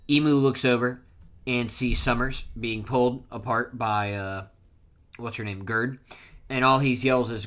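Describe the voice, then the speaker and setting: A man casually recapping a manga chapter, reading panel lines aloud with loud bursts of emphasis and frequent self-corrections. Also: mid-range voice, a little slow. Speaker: manga reaction streamer.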